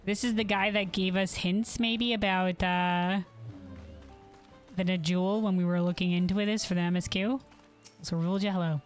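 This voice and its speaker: A woman's voice: fairly low pitch, steady tone, moderate pace, faint music behind. A woman streamer chatting casually over her gameplay, giggly and self-deprecating.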